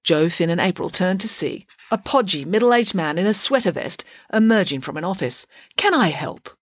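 Woman, storybook narrator, wry expressive reading, lively pitch, close dry recording. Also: normal speed, no room sound.

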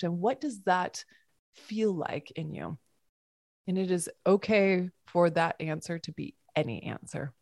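A woman yoga teacher giving a reflective podcast talk, musing softly with halting restarts. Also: lowish voice, no room sound, clean studio sound.

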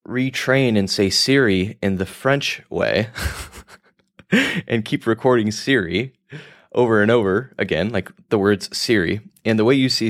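A man hosting a podcast, talking in a rambling, casual monologue with some swearing, often laughing at himself. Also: fairly low pitch. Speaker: podcast host.

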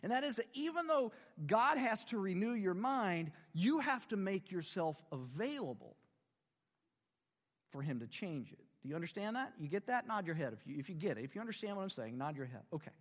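Animated high-voiced male preacher in a hall. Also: a little fast. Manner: conversational preaching with rhetorical questions and humor. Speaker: pastor. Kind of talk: sermon.

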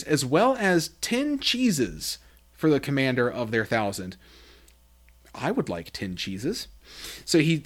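A man hosting a Bible study podcast, reading scripture aloud and explaining it, acting out quoted lines with big pitch jumps.

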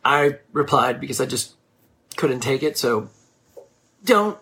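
A woman's voice: rumbling low, animated, slow, fairly bright tone. A woman who coaches youth sports, giving blunt, scolding advice to parents in a frank monologue.

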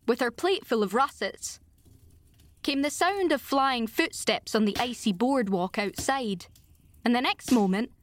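A woman narrating a classic novel as an audiobook, measured and expressive. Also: on the high side, a little hiss or hum.

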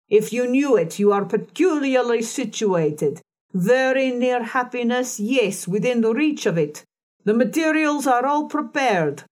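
A woman voicing a harsh, decided old female fortune teller in an audiobook reading, speaking slowly and deliberately. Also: a little high, darkish tone, voice pushed up.

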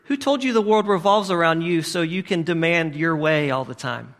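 A man preaching a sermon as a pastor. He asks emphatic, repeated rhetorical questions and swings from loud to hushed. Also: a little high, normal speed.

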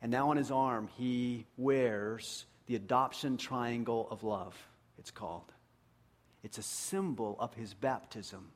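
Slow and steady, a pastor with an ordinary middle-pitched voice gives an earnest sermon. To stress key ideas, he sinks into a hushed, near-murmured tone.

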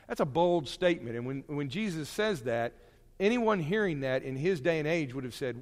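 A man preaching a sermon to his congregation in a conversational, animated way, with homely asides and jokes. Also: a little high, moderate pace, long reverb tail. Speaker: pastor. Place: church sanctuary.

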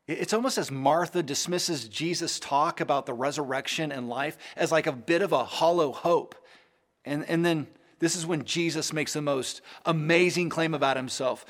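Male preacher with a fairly high voice: fervent, conversational sermon with many word repeats. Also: normal speed. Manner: fervent, swings between soaring emphatic peaks and hushed lows.

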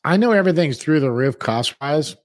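Man, co-host, casual chat, ranting and cussing, slightly high voice, dry video call. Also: expressive, a little fast, no echo. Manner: ranting, swears, acts out customers in funny voices.

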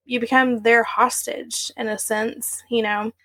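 A young adult woman speaks as a podcast guest, telling a long personal story in a candid, run-on way full of "like" and "you know." Her voice sits a little high. She keeps an even, flat delivery throughout. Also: measured pace, slightly rough. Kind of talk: recounting personal story in interview.

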